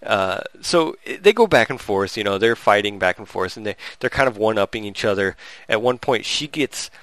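Co-hosting a podcast, a man retells a movie for review in a casual, rambling chat full of restarts and laughs. His voice is on the low side at a moderate pace, captured in a dry recording.

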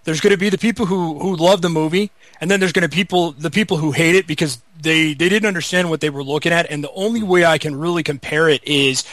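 A man's voice: fairly high pitch, fast, few pauses, a bit bright, no echo. A man co-hosting a podcast, agreeing and giving his view of a film in casual talk. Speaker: podcast co-host. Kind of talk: casual chat.

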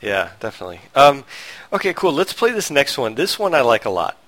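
A male podcast host chatting in an easy, relaxed way, often chuckling and pausing on fillers. His voice sits at a middle pitch. The sound is dry and close, with no echo. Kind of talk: casual chat.

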